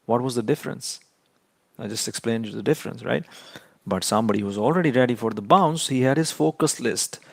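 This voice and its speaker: A man's voice: medium pitch, brisk, creaky, no room sound. A man giving a trading lesson in an emphatic, lecturing way, often repeating key points for stress. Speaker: trading educator.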